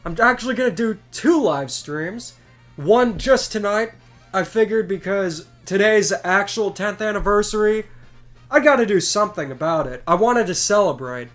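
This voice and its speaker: Congested young man, high voice. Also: normal speed, faint music behind. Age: 20s. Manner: chatty and excitable. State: congested from a cold. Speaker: game streamer. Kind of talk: casual live stream chat.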